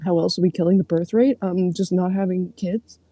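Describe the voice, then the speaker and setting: A woman's voice: on the low side, fairly even intonation, a little fast, dark tone, no echo. A young woman, livestreaming and reading out comments in casual, sarcastic, profane chat. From Canada.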